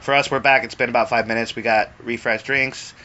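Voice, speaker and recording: A man hosting a podcast from home, relaxed and profane as he trades banter. His voice is bright and forceful at an ordinary pitch. The recording is a little dull, with faint hiss behind it. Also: a little fast. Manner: profane, laid-back banter. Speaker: podcast host. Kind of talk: casual podcast chat.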